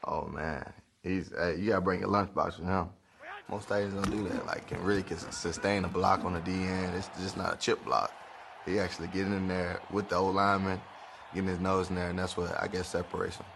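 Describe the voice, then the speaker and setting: A football player explaining technique in a relaxed interview. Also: male voice, low voice, a little fast, vocal fry. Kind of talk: casual interview. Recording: noisy background.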